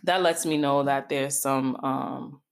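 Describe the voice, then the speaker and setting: A middle-aged woman coach hosts a solo podcast, her very deep, creaky voice moving slowly with fairly even intonation. She speaks candidly and confidingly, addressing her listeners directly in a reflective way.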